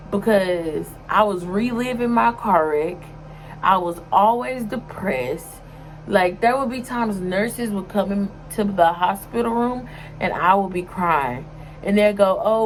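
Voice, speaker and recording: A woman's voice: mid-range voice, low-quality recording. A young woman talking casually to her vlog audience in an emotional, sometimes tearful way, with many fillers. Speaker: vlogger.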